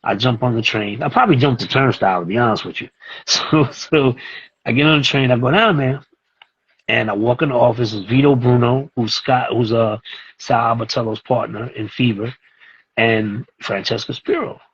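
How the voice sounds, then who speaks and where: A man's voice: medium pitch, moderate pace, husky, highs cut off. A man, telling a story casually as a guest and acting out the voices of the people in it. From East New York, Brooklyn. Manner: animated, acts out voices in his stories.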